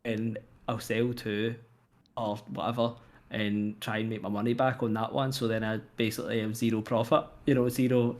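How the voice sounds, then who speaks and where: A man's voice: on the low side, little pitch movement, normal speed, a little mellow. Scottish man telling a casual story. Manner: storytelling, laughs easily, repeats words. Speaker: podcast co-host. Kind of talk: casual chat.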